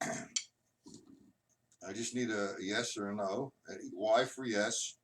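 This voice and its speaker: A man teaching a drum lesson on a live stream, patiently explaining and counting out loud. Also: fairly low pitch, fairly even intonation, slow. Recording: distant mic, loud noisy room.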